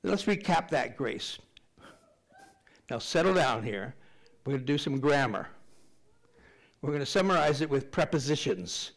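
A man's voice: mid-range voice, expressive, a little slow, pauses often. An older man preaching a sermon to his congregation in a conversational, joking way. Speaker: pastor.

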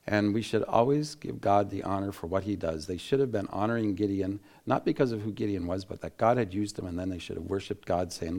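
A man preaching a Bible teaching in an animated way, laughing and acting out quotes, with frequent restarts. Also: lowish voice, fairly quick, hardly any pauses. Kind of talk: sermon-style Bible teaching.

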